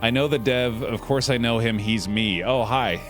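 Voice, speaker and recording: A young man casually commenting on a card game on a live stream, chatty and relaxed, calling his chat dude and bud. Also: mid-range voice, moderate pace, faint music behind.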